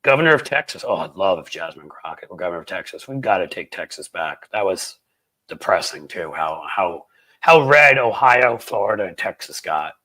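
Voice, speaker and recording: Rambling, animated male stream host. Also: normal speed. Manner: rambling, conversational, many restarts and fillers; animated, swings in pitch and volume. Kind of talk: casual live-stream chat with viewers. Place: Cincinnati, Ohio.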